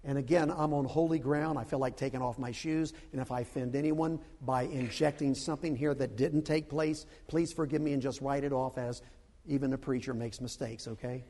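An older man preaching a dramatic sermon who breaks into loud, shouted quotations. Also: medium pitch, steady tone, brisk, big-room sound.

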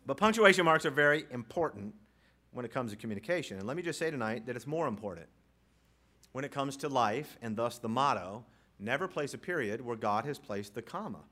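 A man preaching a sermon in a church, reading scripture slowly and swinging between loud declarations and hushed, low lines. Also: lively intonation. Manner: reads scripture aloud with deliberate slow pauses. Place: church sanctuary.

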